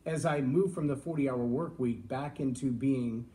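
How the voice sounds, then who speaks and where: A man's voice: mid-range voice, moderate pace, warm tone. A middle-aged man from Texas hosting a live-stream vlog in a folksy, reflective way with jokey asides. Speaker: vlog host. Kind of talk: casual live-stream talk.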